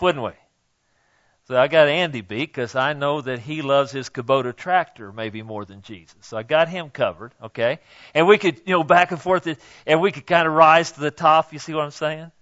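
A high-pitched man preaching a conversational sermon, tagging his points with "okay?" and pushing up for emphasis on the big questions. The recording is dull and lo-fi. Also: lively intonation, normal speed, a bit bright. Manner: rises emphatically on key questions, drops low on asides. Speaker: pastor.

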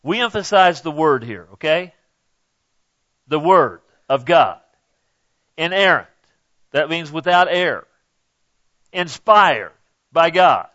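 A middle-aged male pastor preaches in a high voice, taking his time and tossing in "okay?" to keep the congregation with him. The sound is dry and close, with no room around it. The recording is dull and lo-fi. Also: animated, slow pace, long pauses, a bit bright, no echo. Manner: conversational preaching, punctuated with "okay?". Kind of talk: sermon.

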